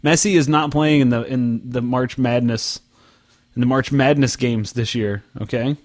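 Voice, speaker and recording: A man's voice: mid-range voice, fairly even intonation, moderate pace, dry recording. A man co-hosting a podcast, joking and teasing his friends in casual chat. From Oklahoma. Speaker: podcast co-host.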